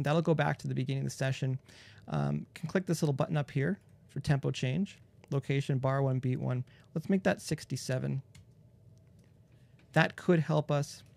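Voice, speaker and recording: A man's voice: on the high side, gravelly, a little mellow. A man hosting a live mixing tutorial, talking casually into a close studio microphone and explaining each step as he goes, with plenty of fillers. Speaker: mixing engineer host.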